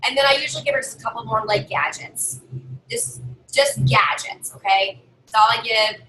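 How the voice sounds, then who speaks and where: A woman with a high, bright and rather sharp voice talks through her party-hosting tips from a desk at home. She is chatty and openly bossy, and often slips into acting out what she says to guests. A faint noise sits under her voice. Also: moderate pace, poor audio. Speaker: direct-sales party consultant. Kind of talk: casual how-to tips to camera. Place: home desk with a drawer and her dog nearby.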